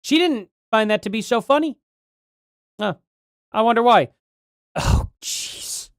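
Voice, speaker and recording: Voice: medium pitch, expressive, slow, no room sound, studio quality. A streamer giving live commentary on a debate, rambling and jokey, then getting heated in rants.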